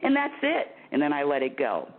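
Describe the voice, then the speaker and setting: Animated woman host on a phone line. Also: low-pitched, fairly quick. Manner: animated, laughing, repeats words. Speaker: spiritual talk show host. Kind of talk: phone-in radio advice chat.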